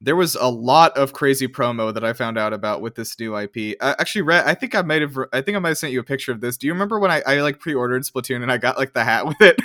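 A man talks through a loose podcast chat, piling on fillers and the odd swear word. His voice sits in an ordinary middle pitch. The sound is dry and close, with no room behind it. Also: animated, quick pace, few pauses, a bit bright, dry recording. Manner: rambling, filler-heavy, swears casually. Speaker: podcast co-host. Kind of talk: casual chat.

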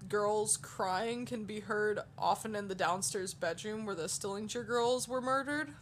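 A woman's voice: mid-range voice, measured pace, slight background noise. A woman co-hosting a paranormal podcast, chatting casually and reading out notes with frequent laughs. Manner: laughs often, reads details aloud. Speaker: podcast co-host.

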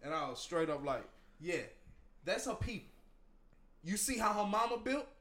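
A man telling a story in casual, profane chat, loud and animated, breaking into laughter. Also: sits high, normal speed. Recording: roomy echo.

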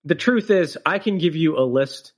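A man's voice: on the high side, expressive, moderate pace. Profane ranting podcast host, male. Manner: ranting, profane, emphatic, with many fillers. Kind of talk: casual podcast chat.

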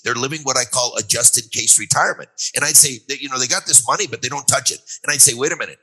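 A man's voice: medium pitch, fast talker, hardly any pauses, pushed and bright, breathy edge, low-quality recording. An older man, a guest author, explaining retirement money in an emphatic, storytelling way with repeated refrains. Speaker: guest author on a finance show. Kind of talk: conversational interview, explanatory.

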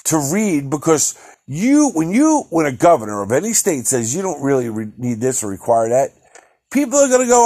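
A man's voice: fairly high pitch, huge pitch swings, normal speed, dark tone. A middle-aged man hosting a solo podcast, ranting in a profane, exasperated way and laughing in disbelief. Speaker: podcast host.

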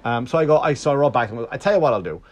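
A man's voice: mid-range voice, expressive, very fast. A man telling a long story in a casual, rambling monologue. He swears freely, restarts often and acts out the other side's lines. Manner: rambling and profane, with many restarts.

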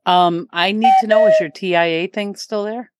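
A woman co-hosting a comedy radio show, deadpan and teasing. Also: mid-range voice, moderate pace, dry recording, clean studio sound.

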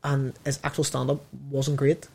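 A man's voice: mid-range voice, monotone, moderate pace, vocal fry. A Northern Irish man telling rambling stories in a casual chat about comedy, with many restarts.

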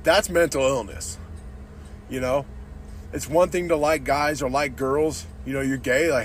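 A man's voice: mid-range voice, measured pace, slight background noise. A man hosting a podcast, ranting casually and bluntly, swearing often and calling everyone "dude". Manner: profane, says "dude" constantly; blunt and opinionated. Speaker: podcast host.

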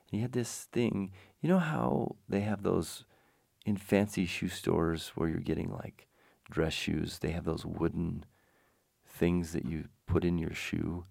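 Man, very low gravelly voice, unhurried storyteller, dry wit, wandering asides. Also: a little mellow, dry recording. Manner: wry, self-deprecating humor; digressive, frequent restarts. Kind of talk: rambling personal anecdote.

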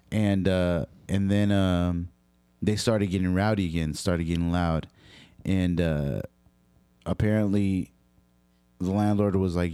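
Low-voiced man telling a story, dry sound. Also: clear, resonant tone, no echo. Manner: profane, animated, quotes people in dialogue. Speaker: storyteller recounting a dispute. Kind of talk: casual storytelling.

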